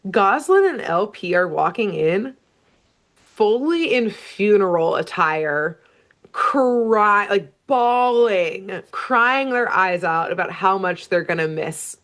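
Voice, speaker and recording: A woman co-hosting a podcast, recapping a cartoon episode in relaxed, chatty talk. She tells the story with animated energy at a mid-range pitch, often breaking into laughter. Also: takes it slowly. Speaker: podcast co-host. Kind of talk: casual chat recapping a cartoon.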